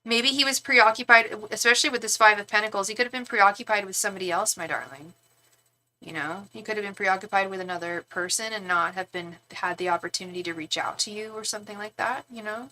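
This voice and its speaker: Bright-voiced chatty woman tarot reader. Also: mid-range voice, quick pace, low-quality recording. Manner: chatty, reassuring, full of fillers and restarts; affectionate asides to the viewer. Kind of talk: live-stream tarot reading, reading viewer comments aloud.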